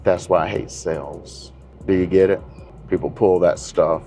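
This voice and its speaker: A man's voice: sits low, fairly even intonation, moderate pace, mellow, faint music behind. A middle-aged man talking in a car, blunt, opinionated and rambling, a real estate agent hosting his own channel. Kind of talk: casual monologue to camera.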